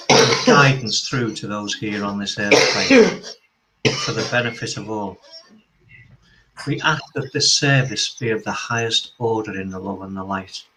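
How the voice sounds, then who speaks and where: A man, a medium and church minister, leading an opening prayer in steady, measured phrases. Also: lowish voice, background noise.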